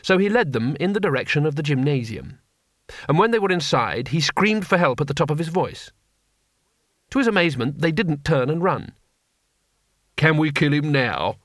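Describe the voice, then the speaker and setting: A man narrating an audiobook in a dry, lively storytelling manner. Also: fairly high pitch, fairly quick, dry recording.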